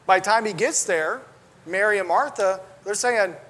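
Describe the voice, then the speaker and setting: A man's voice: high-pitched, normal speed, bright, forceful tone. A man preaching a sermon, earnest and conversational, with restarts and asides, quoting scripture in old-style wording.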